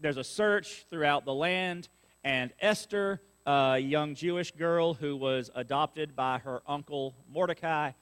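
A man's voice: on the high side, unhurried, fairly bright tone, clear, resonant tone. A male pastor preaching a sermon and reading scripture, with folksy, conversational asides. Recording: long reverb of a church hall.

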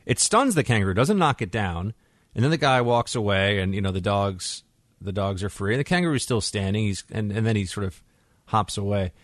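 A man hosting a talk radio show, telling stories in an animated, conversational way into a studio microphone. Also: lowish voice, fairly quick, no room sound.

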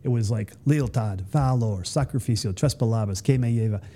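A man's voice: medium pitch, fairly quick, dark tone. A middle-aged American man, a guest, telling stories casually in a rambling, self-interrupting way, doing playful voices for others. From United States. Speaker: guest, Army veteran. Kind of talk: casual storytelling.

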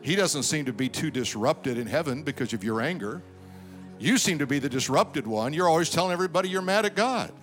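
Guy pastor preaching, voice jumps way up and down, soft music behind. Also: on the high side, animated, brisk. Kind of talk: sermon.

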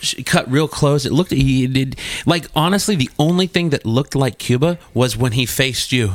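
A man's voice: mid-range voice, normal speed, no echo. A man hosting a podcast, telling crude, casual stories and swearing freely. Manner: animated, profane, jumps into quoted voices. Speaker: podcast host.

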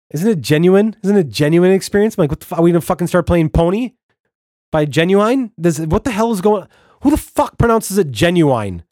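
A man's voice: on the high side, darkish tone, no room sound, clean studio sound. A man hosting a solo podcast, ranting profanely and with exasperation, with many restarts. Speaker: podcast host.

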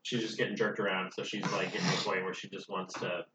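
A man's voice: deep voice, little pitch movement, fast, background noise. A man playing a tabletop game casually, joking and laughing often. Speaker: player. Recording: distant echoey muffled mic.

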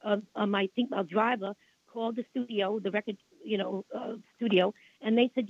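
A radio interview guest, an older woman with a Brooklyn accent, rambles through long stories at a normal speed. Her mid-range voice has fairly even intonation and no echo, and she repeats herself, indignant about the past, over a tinny phone line.

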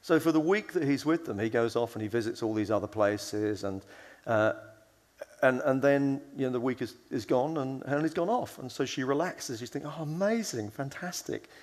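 A man's voice: medium pitch, normal speed, a little mellow, in a large hall. A man giving a conference sermon in a conversational way, telling stories and acting out the voices he quotes. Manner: storytelling, acts out quoted voices; conversational with fillers and restarts. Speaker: conference speaker.

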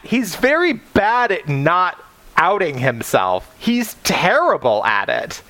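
Animated man chatting about a book. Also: a little high, dry recording. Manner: animated, swears freely, wanders off on tangents. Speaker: podcast co-host. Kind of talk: casual book discussion.

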